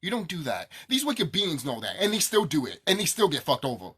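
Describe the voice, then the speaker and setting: A young man rants straight to his audience, swearing often and circling back over the same points. His voice is husky and bright, and it swings widely in pitch as he heats up. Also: wildly swooping pitch, brisk. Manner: angry, profane, repetitive ranting. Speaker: vlogger. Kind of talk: ranting to camera.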